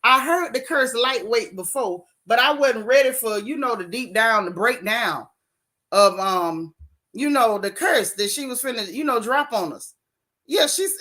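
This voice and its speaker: A woman's voice: fairly high pitch, measured pace. A woman hosting a gossip stream, chatting casually and animatedly with her viewers. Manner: animated, talks straight to her chat with "y'all", "baby" and "honey". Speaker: host of a gossip talk stream. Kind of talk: casual live-stream chat reading comments.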